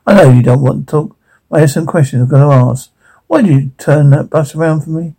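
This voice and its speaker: Man playing a guilty soft-spoken guy, halting, rough gravelly voice. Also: a little high, rough recording. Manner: halting, apologetic.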